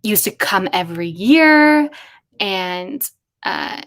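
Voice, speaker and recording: A young adult woman chatting casually on a livestream, thinking aloud in a musing, excitable way as she brainstorms. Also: mid-range voice, slow pace. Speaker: streamer.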